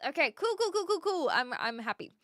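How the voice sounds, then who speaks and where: A woman's voice: high-pitched, sing-song, fairly quick, a bit bright, no room sound, clean studio sound. A woman with an Australian accent, chatting casually on a livestream and answering viewers' comments aloud. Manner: chatty, reads chat aloud and replies, laughs often. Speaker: livestream host. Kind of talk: casual chat with live viewers.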